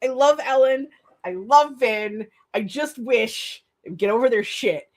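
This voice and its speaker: A young woman talks casually to her stream audience with a slightly high-pitched voice. She rambles excitedly, stumbling and restarting her sentences. She breaks into laughter often. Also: takes it slowly. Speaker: streamer hosting a write-with-me stream. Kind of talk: casual live-stream chat.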